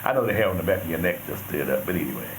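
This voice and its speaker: A man's voice: low voice, animated, very fast. A man vlogging casually from a resort balcony, joking and laughing in a laid-back way. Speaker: travel vlogger. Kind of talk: casual travel vlog chat. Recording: noisy outdoor ambience.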